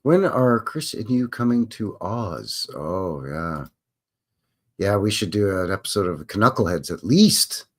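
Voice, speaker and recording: This livestream host, a man with a Canadian accent, chats casually through a Q&A, joking and wandering off topic. He has a fairly low voice that's very animated, delivered at a measured pace.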